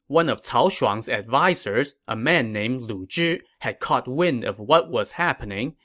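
A man's voice: mid-range voice, a bit bright. A man hosting a history podcast, narrating from a script in a storytelling way with casual asides.

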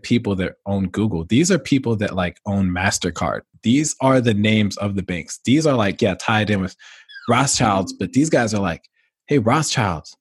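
A man's voice: lowish voice, slightly rough. A man co-hosting a podcast, talking in a loose, profane, rambling way about conspiracy theories. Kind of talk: casual chat.

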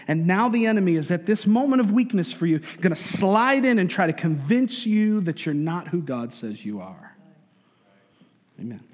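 A male pastor delivers a sermon in a relaxed, conversational way, throwing in jokes and acting out little voices. His voice sits a bit high, and a long reverb from a large hall trails his words. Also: moderate pace. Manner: conversational and joking, acts out voices.

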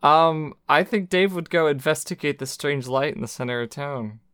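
A man playing in a tabletop role-playing game, speaking in a hesitant, halting way with fillers. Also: on the high side, a bit bright, clean tone, dry recording. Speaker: player. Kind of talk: casual tabletop play.

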